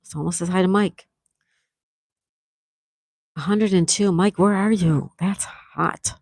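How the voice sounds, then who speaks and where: Slow and lowish, the voice belongs to a middle-aged woman hosting an easygoing outdoor livestream beside calm water. In a soft-spoken way, she reads comments from viewers and thanks them with sweet little exclamations, and the sound is clean studio quality with no room in it.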